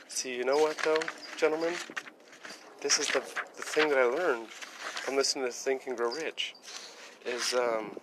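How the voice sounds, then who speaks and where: A man's voice: mid-range voice, fairly even intonation, a little slow, background noise. A young man rambling on a casual livestream, part spiritual preaching, part chatting with viewers. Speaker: livestream host.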